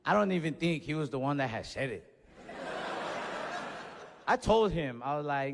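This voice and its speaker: Animated comedian on a reverberant stage. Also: male voice, a little high, normal speed, gravelly, pauses often, noisy background. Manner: animated, acts out voices and yells in his stories. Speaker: stand-up comedian. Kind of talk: stand-up storytelling. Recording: stage mic in a reverberant venue.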